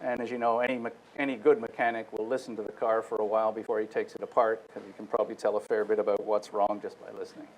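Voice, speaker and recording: A man's voice: lowish voice, flat delivery, quick pace, few pauses, poor audio. A man giving a technical lecture to an audience. He explains step by step, speaks directly to his listeners and often restarts his phrases. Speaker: guest lecturer.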